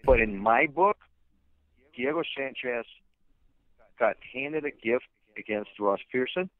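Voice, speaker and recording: A fighter's manager speaking bluntly in a phone interview, ranting with lots of fillers and restarts. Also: male voice, mid-range voice, animated, slow, no echo. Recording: tinny phone line.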